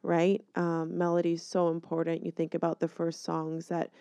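A woman who trains yoga teachers explains her methods in an encouraging tone. Her voice is slightly low, mellow and smooth, and the recording is dry and close. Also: completely flat delivery, moderate pace, no room sound.

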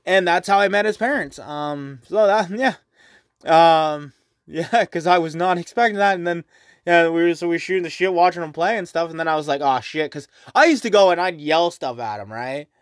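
Rambling high-voiced podcast host. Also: male voice, moderate pace, no echo, studio quality. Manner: rambling, swears often, many fillers. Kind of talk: casual solo podcast monologue.

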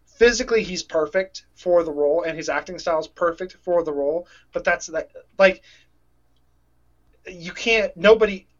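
Co-hosting a relaxed podcast conversation, this man speaks in a high pitch at a moderate pace. Emotion makes him ramble and start his sentences over, all captured in dull lo-fi audio.

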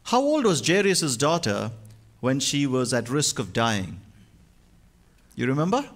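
A male pastor preaching a sermon, moving from hushed, slow lines to loud, emphatic ones. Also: medium pitch, sing-song.

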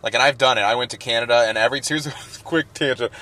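A man's voice: medium pitch, fast. A man co-hosting a podcast in casual chat, telling stories with jokey asides. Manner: animated storyteller, jokey asides. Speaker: podcast co-host.

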